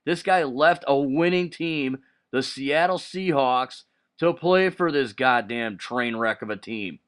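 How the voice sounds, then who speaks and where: A man hosting his own sports video, ranting in a heated, profane way with sharp outbursts. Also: fairly high pitch, animated, measured pace. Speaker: sports vlogger. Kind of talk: solo sports rant to camera.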